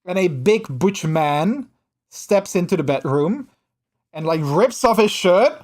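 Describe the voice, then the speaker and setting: A man chatting casually on a live stream in an animated, gushing way, full of restarts. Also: high voice, takes it slowly.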